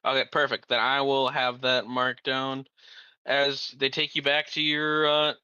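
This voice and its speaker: A man narrating and calling rules as game master in a tabletop game, matter-of-fact and relaxed. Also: mid-range voice, a little slow, clear, resonant tone, dry recording. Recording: dull, lo-fi mic.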